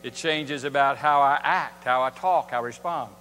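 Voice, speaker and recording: A pastor preaches in a church sanctuary at a moderate pace, his medium-pitched voice pushed and bright. He speaks conversationally, posing rhetorical questions to the congregation, with long hall reverb and slight background noise in the recording.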